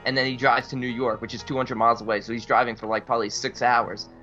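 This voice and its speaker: A man co-hosting a podcast in casual chat, animated and quick to argue his point. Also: mid-range voice, muffled recording, soft background music. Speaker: podcast co-host.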